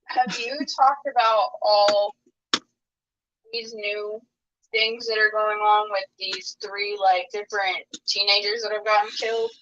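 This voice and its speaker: A woman's voice: mid-range voice, little pitch movement, unhurried, fairly bright tone, slight background noise. Young woman on a dull, distant phone line. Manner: chatty, with frequent "like". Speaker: guest on the phone. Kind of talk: casual chat.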